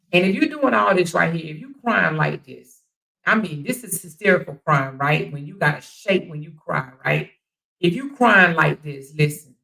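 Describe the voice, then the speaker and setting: A woman hosting a casual livestream, talking straight to her viewers in an animated, incredulous way. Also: fairly low pitch, creaky, low-quality recording. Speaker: livestream commentary host.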